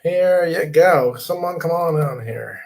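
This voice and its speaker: A man's voice: a little high, expressive, measured pace, vocal fry. A middle-aged man hosting a casual live stream from his computer desk, rambling, reading viewer comments aloud and inviting people to join.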